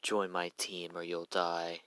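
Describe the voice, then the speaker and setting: A man as a slow, menacing villain boss. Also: sits low, completely flat delivery, bright, forceful tone, clear, resonant tone, no echo, full character voice. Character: cold villain boss, young man, commanding.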